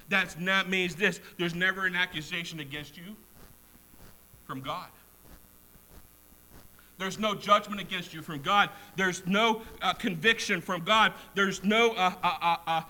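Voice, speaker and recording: Fervent high-voiced male preacher. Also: rough recording. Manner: fervent, repetitive, swings from loud emphasis to hushed asides. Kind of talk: sermon.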